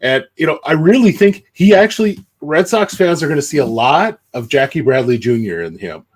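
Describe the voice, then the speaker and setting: A man on a casual sports podcast, relaxed and rambling as he analyzes players. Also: on the high side, moderate pace. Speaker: podcast co-host. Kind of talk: casual chat.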